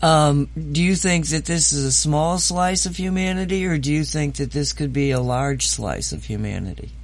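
Guy asking interview questions, kinda higher voice, calm. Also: normal speed.

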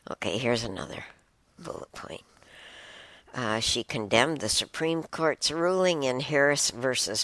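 A woman's voice: very deep voice, a bit bright, no echo. A woman reading posts aloud and commenting casually, emotional and exclamatory, sighing and stumbling over her laptop. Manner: emotional, exclaims and sighs, reads aloud haltingly.

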